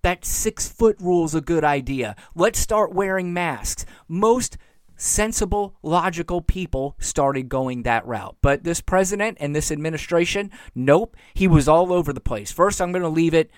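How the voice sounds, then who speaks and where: A man's voice: on the high side, lively intonation, measured pace, no echo, clean studio sound. A man hosting his own show, giving exasperated, sarcastic commentary and mocking the people he talks about. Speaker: podcast host. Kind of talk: opinionated solo commentary.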